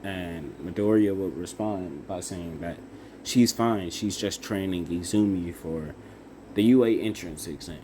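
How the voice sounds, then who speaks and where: A young man improvising a fan-fiction story out loud, halting with fillers and self-corrections. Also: low voice, a little hiss or hum.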